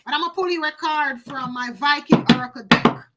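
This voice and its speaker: A woman's voice: high voice, normal speed, very noisy. A woman doing a live oracle card reading, chatty, talking to viewers by name and repeating phrases for emphasis.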